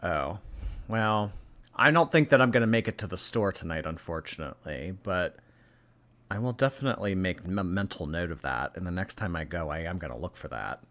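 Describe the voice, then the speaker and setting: A man's voice: low voice, expressive, brisk, a bit bright. A man hosting a casual reaction stream, reading chat and giving blunt, chatty opinions with casual swearing.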